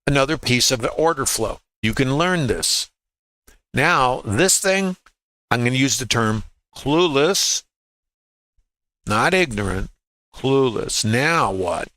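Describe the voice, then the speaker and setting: A man's voice: medium pitch, lively intonation, slow, long pauses, sharp tone, low-quality recording. A man walking through live trading charts as a trading educator, emphatic, repeating key words and asking rhetorical questions.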